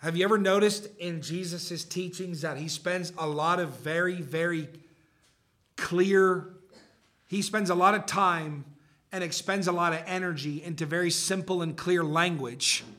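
A man's voice: a little high, normal speed, bright, forceful tone. A male pastor giving a conversational sermon to a live congregation, often checking in with the room. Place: church service before a live congregation.

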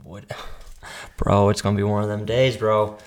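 A man's voice: fairly low pitch, level tone, normal speed. A young man co-hosting a casual podcast, telling rambling work stories, laughing often and sometimes losing his words. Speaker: podcast co-host. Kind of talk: casual chat.

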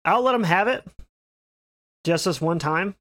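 Higher-voiced man keeping quiz score. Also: lively intonation, measured pace, a bit bright. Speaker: podcast co-host, quiz scorekeeper. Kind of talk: casual chat.

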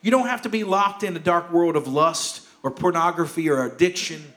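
A man's voice: a little high, moderate pace. Impassioned male pastor preaching. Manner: impassioned preaching, repeats key phrases, swings from urgent to hushed. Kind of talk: sermon. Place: church sanctuary.

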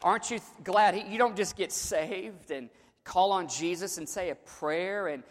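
A man with a high voice preaches in a church sanctuary, and his words ring out with long hall reverb. He moves between hushed storytelling and joking asides, then builds to loud, dramatic shouts. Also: moderate pace. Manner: humorous asides. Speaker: pastor. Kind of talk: Easter sermon.

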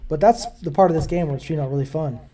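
A man in casual conversation, telling a story quickly with relaxed, muttered asides. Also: fairly high pitch. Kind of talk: casual conversation about tabletop games.

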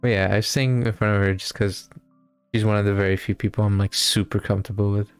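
A man's voice: fairly low pitch, fairly even intonation, quick pace, clear, resonant tone, soft background music. A young man co-hosting a podcast in casual chat, laughing often between sentences. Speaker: podcast co-host.

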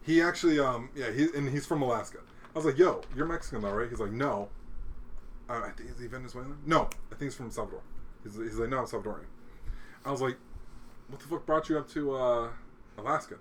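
A man's voice: medium pitch, quick pace, a little hiss or hum. A man casually telling a profane, laid-back story among friends, acting out the people in it.

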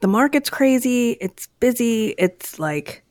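A woman's voice: on the high side, expressive, slow, a little mellow, no room sound, studio quality. A woman co-hosting a casual chat, rambling and restarting her sentences as she talks. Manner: chatty, rambling, frequent self-restarts.

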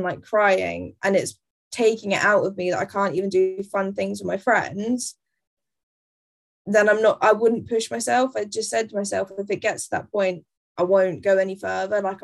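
A woman's voice: medium pitch, fairly even intonation, normal speed, vocal fry. Blunt, sweary woman. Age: 20s. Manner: blunt, grumpy humour, sweary. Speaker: guest. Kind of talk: casual chat.

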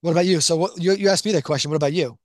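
Young philly guy talking fast on a podcast, kinda high voice, dry close mic. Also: no room sound. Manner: quick, hesitant with repeated restarts. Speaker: podcast co-host. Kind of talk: casual chat.

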